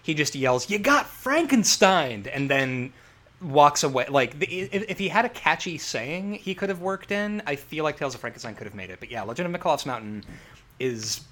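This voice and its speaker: A man's voice: on the high side, a little fast, fairly bright tone. A man co-hosting a podcast in casual comic chat, rambling and laughing often. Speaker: podcast co-host.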